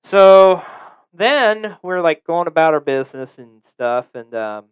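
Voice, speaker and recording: A man's voice: a little high, animated, slow pace, smooth. A man hosting a podcast, telling a story in a casual, profane, joking way. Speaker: podcast host.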